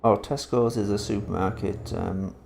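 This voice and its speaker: A man's voice: fairly low pitch, fairly even intonation, moderate pace, vocal fry, darkish tone, a little hiss or hum. A man chatting casually on a live stream while playing a trucking game, swearing freely and reading viewer comments aloud.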